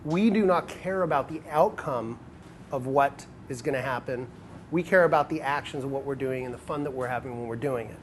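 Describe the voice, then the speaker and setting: Man, dating coach, casual animated storytelling, mid pitch, faint background hiss. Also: a little fast. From United States. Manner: animated storytelling, acts out quoted lines.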